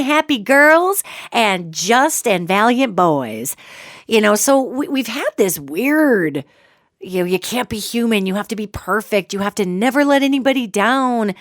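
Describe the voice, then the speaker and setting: Woman, podcast host, animated, jokey, acts out quotes, dry recording. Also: fairly high pitch, no echo. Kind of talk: solo podcast monologue.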